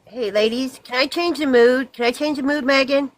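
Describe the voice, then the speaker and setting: A woman's voice: high-pitched, normal speed, dry recording, rough recording. A woman joining a casual group chat, playful and joking.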